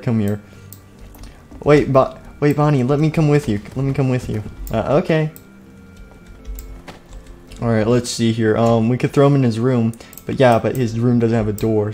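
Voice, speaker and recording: A man's voice: mid-range voice, dark tone. A young man hosting an improvised game role-play, talking casually with lots of fillers and playful humming. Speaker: gaming channel host.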